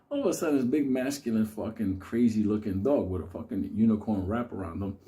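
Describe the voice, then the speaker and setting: Man, casual profane storyteller, laughs often, lively swooping voice, dark mellow tone. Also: medium pitch, normal speed. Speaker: host.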